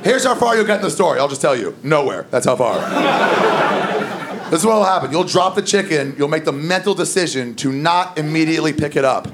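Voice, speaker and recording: A man's voice: a little high, lively intonation, a little fast, very noisy. A man doing a stand-up set, telling a crude, loose story. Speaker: stand-up comedian. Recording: live stand-up with loud crowd laughter.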